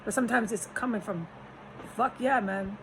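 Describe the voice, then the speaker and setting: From a rented room, a woman vlogs in a rambling, frustrated way, cursing often, trailing off and restarting sentences in agitation. Her mid-range voice is creaky and moves at normal speed. The recording is very noisy.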